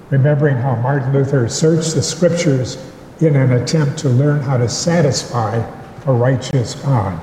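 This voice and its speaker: Slow, measured pastor in an echoey church. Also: male voice, mid-range voice, warm tone, a little hiss or hum. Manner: slow, measured preaching with deliberate pauses. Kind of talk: sermon. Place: church sanctuary. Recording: echoey church hall with long reverb.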